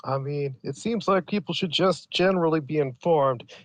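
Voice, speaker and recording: A man's voice: a little high, normal speed, no echo. Man tossing in dry jokes, dry sound. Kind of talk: casual chat.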